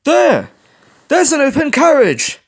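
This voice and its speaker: A man's voice: wildly swooping pitch, moderate pace, pushed and bright, husky, full character voice. A man doing a cheerful falcon. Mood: urgent. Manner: high-pitched and jokey. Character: cheerful male falcon, quick-witted flier.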